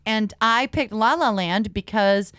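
A woman's voice: medium pitch, a little slow, a bit bright, smooth, no room sound, clean studio sound. A woman co-hosting a casual movie podcast, chatty and telling stories. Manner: chatty, storytelling with laughs. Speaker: podcast co-host.

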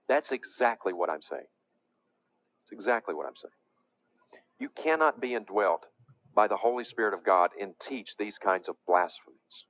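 Emphatic low-voiced male preacher. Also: sing-song, measured pace, pauses often, fairly bright tone, no echo. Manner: emphatic, indignant. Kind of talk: preaching lecture.

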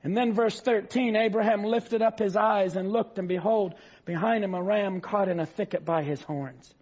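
A male preacher delivering a fervent sermon, reading scripture slowly and rising to shouts. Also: high-pitched, steady tone, husky. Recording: dull lo-fi sound.

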